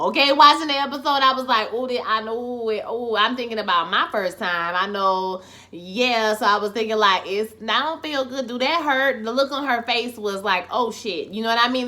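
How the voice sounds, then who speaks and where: A woman giving a sassy, expressive, profane recap of a TV episode. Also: medium pitch. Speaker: TV recap vlogger.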